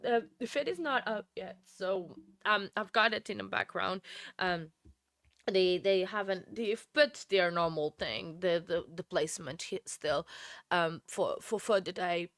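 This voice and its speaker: A woman's voice: mid-range voice, creaky, a bit bright, no echo, clean studio sound. A woman hosting a casual livestream, tearful and gushing as she thanks viewers with frequent laughter. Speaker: livestream host.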